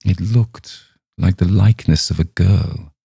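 A man, the podcast host, reading a short story aloud in a measured storytelling voice. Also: deep voice, vocal fry, mellow, husky, no echo, studio quality.

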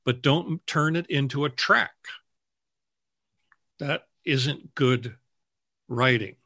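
Man editor in an interview, bright forceful voice, dry close sound, tells stories and acts out the quotes. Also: mid-range voice, slow pace, husky, dry recording. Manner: earnest, storytelling, acts out the people he quotes. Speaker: book editor. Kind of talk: interview answers, telling anecdotes.

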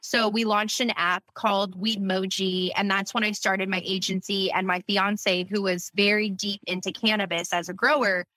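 A woman's voice: mid-range voice, steady tone, normal speed, few pauses, pushed and bright, no echo, low-quality recording. A woman in her thirties from Louisiana, a guest on a podcast, telling her life story in a candid, emotional way. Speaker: podcast guest, company founder. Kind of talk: personal storytelling in an interview.

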